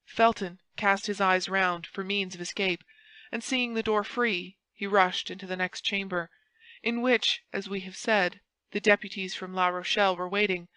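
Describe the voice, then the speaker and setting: A woman narrating a classic novel audiobook with a dramatic, expressive reading. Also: medium pitch, normal speed, clean tone, dry recording, low-quality recording. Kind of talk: scripted narration.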